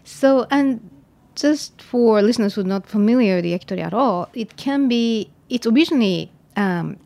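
A woman's voice: on the high side, animated, moderate pace, gravelly, mellow. A woman hosting a podcast interview, chatty and adding her own notes to the conversation. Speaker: podcast host. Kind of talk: casual interview chat.

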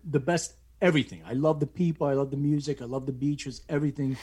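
A middle-aged man casually telling a family story, animated and acting out the voices of people he quotes. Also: fast talker, breathy edge. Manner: animated, acts out quoted voices with rising pitch.

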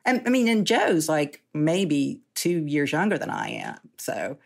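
Lady in her 60s, deep voice with lots of fry, chatty interview guest, laughs a lot. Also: huge pitch swings, measured pace. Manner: chatty, self-deprecating, laughs often. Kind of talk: casual storytelling.

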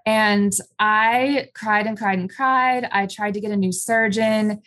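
A woman's voice: medium pitch, steady tone, slow, a bit bright. A woman guest in an interview, recounting her own experience candidly and conversationally, with frequent ums and likes. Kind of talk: candid personal storytelling in an interview.

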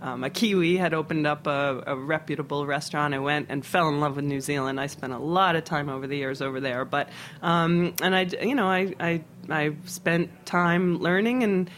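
A middle-aged chef from Philadelphia, guesting on an interview show, talking casually and haltingly with many fillers and restarts. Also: male voice, a little high, fairly even intonation, a bit bright, slight background noise. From Philadelphia, USA.

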